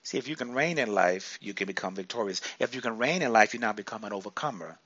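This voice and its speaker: A male preacher delivering a sermon, repeating phrases for emphasis and breaking into sudden loud bursts. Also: lowish voice, animated, fast talker, no echo, lo-fi sound.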